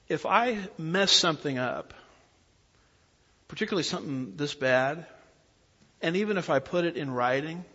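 A man preaching an expository Bible lesson, pausing to ask his listeners to fill in the blanks. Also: on the high side, sharp tone. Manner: asks the audience fill-in-the-blank questions. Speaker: pastor teaching a Bible class. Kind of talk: expository sermon lecture. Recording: dull audio with long hall reverb.

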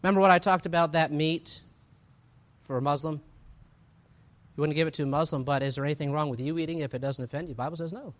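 Guy preaching, kinda high voice, chatty, lots of questions to the crowd. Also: brisk, pauses often. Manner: conversational, animated preaching with asides and rhetorical questions. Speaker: pastor. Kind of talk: sermon.

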